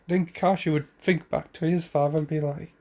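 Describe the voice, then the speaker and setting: A man's voice: fairly high pitch, steady tone, fairly quick, dark tone. A man casually retelling a fan story, rambling with fillers, self-corrections and the odd cough.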